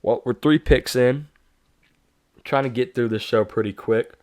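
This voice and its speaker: Smooth, dry-voiced male sports show host. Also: mid-range voice, measured pace, darkish tone, no echo. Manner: casual, self-correcting, hyping players. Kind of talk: solo sports prediction talk.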